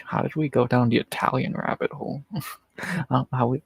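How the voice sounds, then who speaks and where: A man's voice: medium pitch, steady tone, fairly quick, gravelly, husky, no room sound, poor audio. A man hosting a livestream in casual, profane, rambling chat, chuckling often. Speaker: livestream host.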